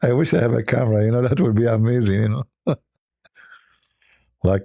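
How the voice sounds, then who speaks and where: Gravelly, husky-voiced male stream host. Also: mid-range voice, a little fast, pauses often, warm tone, no echo. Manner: chatty, laughs at his own stories. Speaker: livestream host. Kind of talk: casual live-stream chat.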